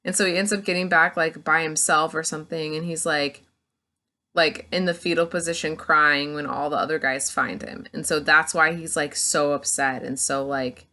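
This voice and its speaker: A woman's voice: deep voice, steady tone, normal speed, sharp tone. A woman reviewing a book, recapping the plot in a gushing, casual way, full of "like". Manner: gushing, filler-heavy, full of "like".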